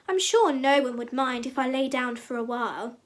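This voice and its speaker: A woman voicing a curious, fussy little girl musing slowly to herself in a storybook reading. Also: high voice, lively intonation. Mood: pondering. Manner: slow, pondering musing.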